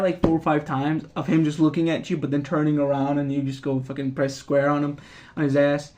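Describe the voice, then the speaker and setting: Rambling, profane young-sounding man. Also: fairly high pitch. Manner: rambling, profane, laughs often. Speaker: gaming video creator. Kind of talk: casual game recap monologue.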